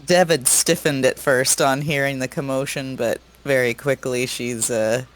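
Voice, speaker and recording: A man playing a tabletop game, calmly describing his character's actions. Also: medium pitch, normal speed, a little hiss or hum. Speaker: player. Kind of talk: tabletop role-play narration.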